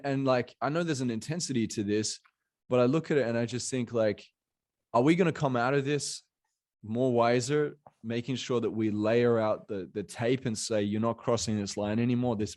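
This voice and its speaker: A man's voice: medium pitch, normal speed, a little mellow. A man from Australia, talking in a casual podcast conversation, rambling and leaning on fillers like "you know" and "bro".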